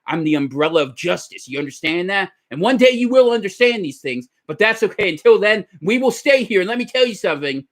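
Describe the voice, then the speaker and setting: A man doing a gravelly ranting talk-show host. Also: big pitch swings, brisk, few pauses. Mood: bombastic. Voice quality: deep, gravelly. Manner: shouting, preachy rants. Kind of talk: parody radio show host.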